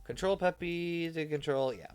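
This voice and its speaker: A male game streamer chatting casually while reading the game along, self-deprecating and yawning often. His voice sits slightly high, with faint game music underneath. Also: normal speed, a little mellow.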